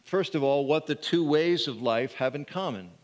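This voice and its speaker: A male pastor preaching in a church sanctuary with a high voice for a man, animated and full of quick restarts. His words carry a long reverb through the room. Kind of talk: sermon.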